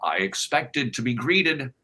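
A man's voice: mid-range voice, expressive, a little slow, sharp tone, low-quality recording. A man guest on a podcast, speaking emphatically in a sermon-like conversational way and acting out quoted voices. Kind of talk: conversational interview, sermon-like teaching.

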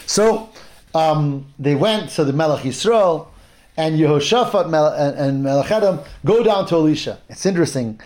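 A man's voice: on the high side, lively intonation, moderate pace, darkish tone. A man teaching a casual Torah class, retelling a Bible story in a conversational way, fillers and restarts. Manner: conversational with fillers and restarts, acts out quoted speech.

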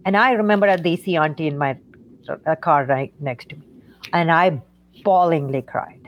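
A middle-aged woman speaks as a guest in an interview, recounting a painful stretch of her life. Her voice sits a little low, and she talks haltingly, circling back through fillers and restarts. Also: dull audio. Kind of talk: emotional personal story in conversation.

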